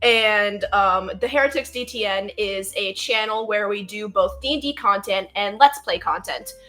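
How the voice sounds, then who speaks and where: A woman guest in a casual interview, talking excitedly with many filler ums. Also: medium pitch, moderate pace, soft background music. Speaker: guest, channel lore master.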